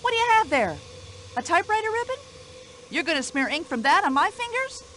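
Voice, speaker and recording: An actress voicing a brash, nosy older American widow in a video game, speaking in an indignant, chatty American accent. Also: female voice, sits high, big pitch swings, a little fast, pushed and bright, a little hiss or hum, heavily acted.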